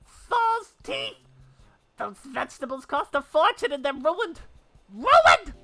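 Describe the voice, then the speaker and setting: A woman voicing an angry, pompous male chef in a video game who shouts in indignant bursts. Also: sits high, big pitch swings, slow pace, pitched above the performer's own voice, exaggerated voice. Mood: outraged. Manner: shrieking, indignant.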